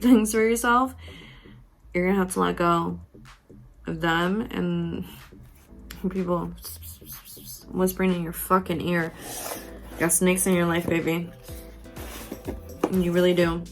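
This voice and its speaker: A woman giving a tarot reading, talking frankly and intimately to the viewer, with casual swearing. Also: lowish voice. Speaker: tarot reader.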